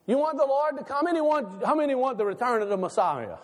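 Male pastor, very high voice, animated sermon delivery with a long hall reverb. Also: fast. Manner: animated preaching, rhetorical questions, laughs between lines.

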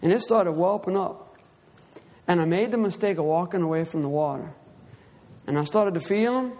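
A man with a notably high voice preaches, moving from a Bible reading into a lively personal testimony. He acts out his own cries as he tells the story. The sound trails off in a long reverb. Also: moderate pace.

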